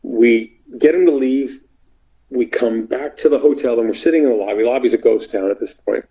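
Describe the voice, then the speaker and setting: A man's voice: medium pitch, moderate pace, rough recording. A man telling a long road story in a casual interview, acting out the voices of the people in it. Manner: animated, acts out quoted voices.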